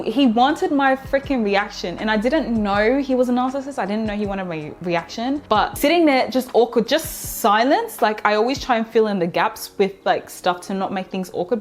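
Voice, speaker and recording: Woman vlogging, candid and animated, laughs a lot telling stories. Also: mid-range voice. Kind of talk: casual storytelling to camera.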